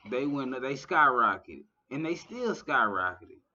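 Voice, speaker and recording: A man's voice: medium pitch, very animated, a little slow, bright, forceful tone. A man in his thirties in casual conversation as a podcast host, talking loosely with many filler phrases. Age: 30s. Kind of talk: casual chat. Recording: dull lo-fi audio.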